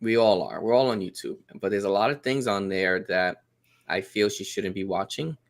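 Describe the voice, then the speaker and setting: A man's voice: fairly low pitch, moderate pace, creaky. A man telling a family story in casual podcast chat, acting out the quotes. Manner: animated storyteller, acts out quotes. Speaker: guest.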